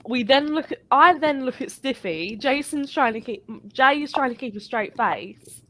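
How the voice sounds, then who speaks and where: A woman telling an animated, sweary story in a casual live chat. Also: high-pitched, moderate pace, few pauses. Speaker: guest.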